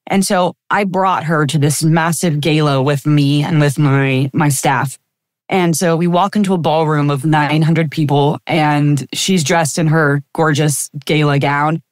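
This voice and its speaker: In a dry recording, a chiropractor and practice owner in her fifties shares stories as a podcast guest. Her low, steady voice moves at a measured pace, reflective and anecdotal, with plenty of fillers, in a casual interview.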